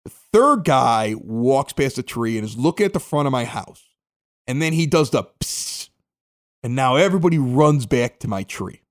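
A middle-aged man from the Chicago area hosting a local podcast, telling a story casually and acting out the quotes. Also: normal speed. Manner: animated, acts out quotes with big pitch jumps. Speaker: podcast host.

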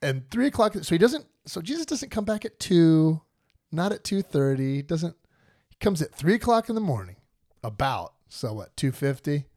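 A man's voice: fairly high pitch, sing-song, moderate pace, darkish tone, no echo, studio quality. A man hosting a podcast, casually retelling and joking about a Bible story with lots of laughs. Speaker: podcast host.

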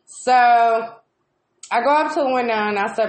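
Woman, slightly high pitch, foul-mouthed and exasperated, roomy echo. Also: measured pace, slight background noise. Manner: swears constantly, ranting and exasperated. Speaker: co-host of a live video chat. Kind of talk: casual profane storytelling.

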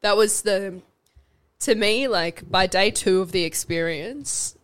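Casting: young Australian woman, mid-pitched voice, animated and giggly guest with a loose, sweary delivery. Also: slow pace, clean tone. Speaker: podcast guest. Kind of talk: casual chatty storytelling.

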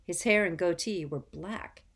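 An audiobook reader, a woman with a low voice, reads a storybook aloud in a measured, even manner.

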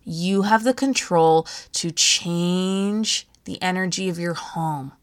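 A woman's voice: fairly low pitch, takes it slowly, clear, resonant tone. A woman in her thirties hosting a podcast, chatting casually with frequent laughs and playful asides. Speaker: podcast host.

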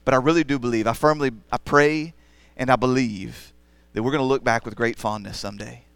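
Male pastor, earnest sermon delivery, smooth resonant tone, close and dry. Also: mid-range voice, a bit bright, dry recording. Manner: earnest, builds to emphatic preaching.

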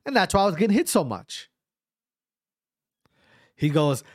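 A man's voice: high-pitched, measured pace, dry recording, studio quality. A man casually recounting his own fight, stammering and restarting often, swearing freely and acting out what others said. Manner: animated, frequent restarts and stammers, acts out quotes. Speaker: amateur fighter recounting a bout. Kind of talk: casual storytelling.

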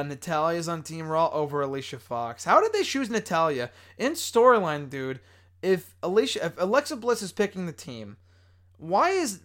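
A fairly high-voiced man hosts a loose, casual podcast conversation. He talks in an excitable rush and keeps cracking up with laughter between thoughts. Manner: excitable, often breaks into laughter. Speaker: podcast host. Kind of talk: casual chat.

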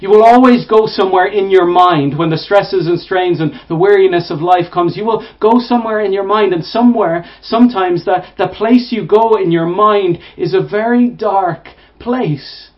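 A man preaching a sermon to listeners, repeating words, swelling to emphatic peaks and falling to hushed, low phrases. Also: moderate pace, hardly any pauses. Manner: repeats and restarts words, rising to emphatic bursts. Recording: dull lo-fi sound.

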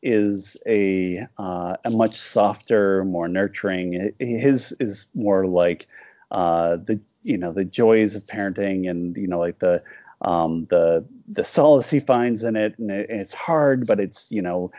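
A man with a fairly low voice talks casually in an interview, rambling and restarting as he acts out quoted back-and-forths. The sound is dry and close. The recording is dull and lo-fi. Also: slow, warm tone, dry recording. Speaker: cartoonist guest.

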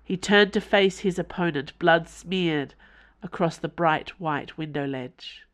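A woman's voice: on the low side, slow. A woman author from Tasmania, reading her fiction aloud as podcast narrator. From Tasmania, Australia.

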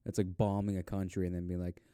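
A young man in casual chat, crude and joking, quick to mock people. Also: flat delivery, warm tone, clear, resonant tone, dry recording, studio quality. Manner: crude, joking, does shrill mock voices.

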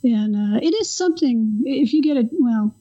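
A woman's voice: fairly high pitch, lively intonation, normal speed, dark tone. A woman co-hosting a podcast, chatting casually about films in a rambling way with many fillers. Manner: rambling, lots of fillers and restarts. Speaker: podcast co-host. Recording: dull, lo-fi audio.

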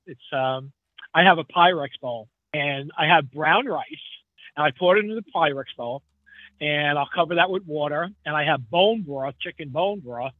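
A man talks in a loose, rambling way, laughing often as he goes. His voice sits a little high. The line is thin and tinny like a phone call, with no room sound. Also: dry recording. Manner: rambling, chatty, laughs easily. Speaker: guest truck driver. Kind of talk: casual podcast chat.

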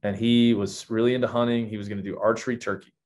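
A man's voice: fairly low pitch, flat delivery, fast, a little mellow. A man talking as a podcast guest, candid and reflective, often restarting his sentences. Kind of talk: casual podcast chat.

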